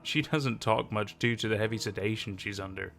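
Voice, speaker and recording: A man voicing a calm, soothing uncle. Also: on the low side, fairly quick, creaky. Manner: soothing, reassuring.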